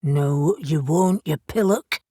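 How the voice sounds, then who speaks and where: A woman voicing a blunt, decisive male shifter who gives orders briskly. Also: deep voice, warm tone, no echo, clean studio sound. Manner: brisk, commanding.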